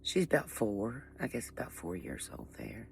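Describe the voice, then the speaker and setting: A woman's voice: extremely low pitch, very animated, normal speed, gravelly, slight background noise. A woman with a Southern Appalachian accent who chats casually to the camera, rambling and folksy and often breaking off her own sentences. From Appalachian coal country, US. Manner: rambling, folksy, interrupts herself. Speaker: vlogger.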